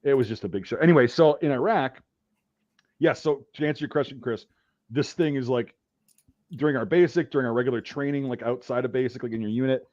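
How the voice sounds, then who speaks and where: A man telling profane army stories in casual chat, acting out the yelling. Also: mid-range voice, fairly quick, dull audio. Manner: profane, animated storytelling, acts out yelling. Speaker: podcast host, veteran telling army stories.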